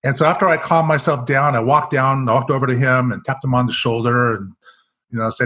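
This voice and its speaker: In a podcast interview, an executive coach with an American accent tells stories fairly quickly at a medium pitch. He brings the quoted conversations to life, acting them out with animation.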